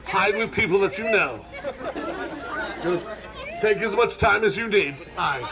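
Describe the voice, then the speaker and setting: A man's voice: sits high, lively intonation, measured pace, poor audio. A man leading a crowd in live outdoor street theater, commanding and theatrical with dry sarcastic asides. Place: outdoor festival stage.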